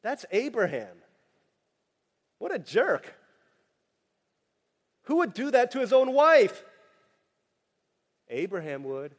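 High-voiced preacher in an echoing hall. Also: male voice, slow, long pauses. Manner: animated, joking asides, acts out quoted voices. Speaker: pastor. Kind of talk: sermon. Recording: long hall reverb.

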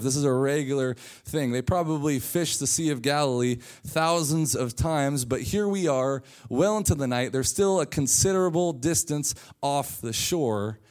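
A man's voice: on the high side, a little mellow. A man preaching a sermon in church, casual and joking as he retells a story. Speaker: pastor.

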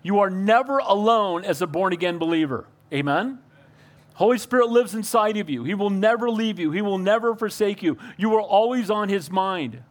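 A man's voice: sits high, lively intonation, moderate pace. An older man preaching a sermon as pastor, earnest and calling out to the congregation for amens.

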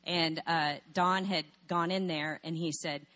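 A woman's voice: low voice, fairly even intonation, unhurried, a bit bright. A woman speaking in a sermon, telling a personal story and asking rhetorical questions.

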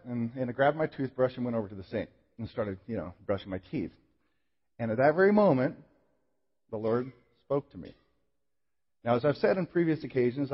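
A male pastor with a somewhat husky voice delivers a sermon as a personal story, earnest and self-deprecating, often restarting his sentences. His voice carries a long reverb, as if it fills a large church hall. The recording sounds slightly muffled. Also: mid-range voice.

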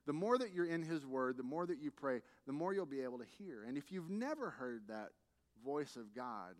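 Conversational preacher in a reverberant hall. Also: male voice, fairly high pitch. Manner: conversational preaching with humorous stories, rising to emphatic peaks. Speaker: pastor. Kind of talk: sermon. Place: church sanctuary.

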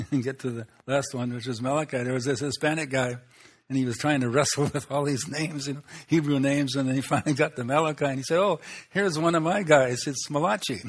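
A man's voice: mid-range voice, fairly even intonation, fast talker. A man preaching a sermon, folksy and conversational, with rhetorical questions and frequent chuckles. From Swedish Lutheran background. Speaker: pastor.

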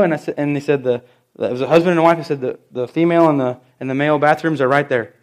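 A middle-aged man preaching a sermon in church, telling stories and stressing key phrases with slow, emphatic repeats. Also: a little high. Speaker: pastor.

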